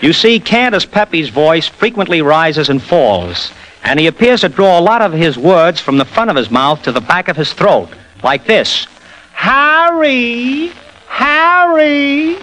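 A man guests as an impressionist on a 1940s radio interview, joking as he explains his craft. His voice sits fairly high and moves in a lively way. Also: normal speed, rough recording. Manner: jokey, explanatory.

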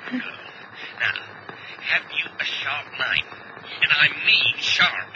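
An actor playing a steady man who gives urgent, measured orders, in old radio drama style. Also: on the high side. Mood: commanding. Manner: firm, commanding, measured. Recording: dull old recording with loud hiss.

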